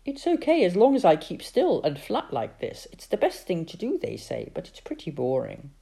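A gloomy, grumbling storybook dad laid up and sorry for himself, voiced by a woman reading aloud. His lines come out sulky and put-upon in a mellow, rounded tone. Patient but plainly fed up. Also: fairly low pitch, normal speed, creaky, exaggerated voice. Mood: grumpy. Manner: grumpy, flat complaining. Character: grumpy, gloomy father with a bad back.

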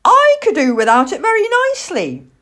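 A woman's voice: huge pitch swings, a little fast, fairly bright tone, full character voice. A woman voicing a small, curious baby barn owl boy who gets cross easily, reading a storybook. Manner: high, eager and indignant.

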